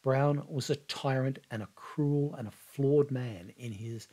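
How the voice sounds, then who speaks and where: A man hosting a podcast, narrating a scripted history story in a vivid, measured storytelling manner. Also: mid-range voice, dark tone. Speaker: podcast host.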